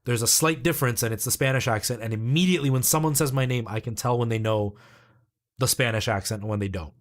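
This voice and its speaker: Chatty male game streamer from El Salvador, mid-pitched, talks to chat. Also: fast. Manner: chatty, explains at length. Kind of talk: casual live-stream chat with viewers.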